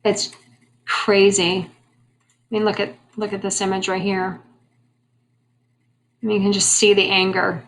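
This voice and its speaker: A woman's voice: mid-range voice, little pitch movement, unhurried, pauses often, slight background noise. A woman teaching a history lesson in a conversational way, asking her class questions and making wry asides. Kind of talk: classroom lecture.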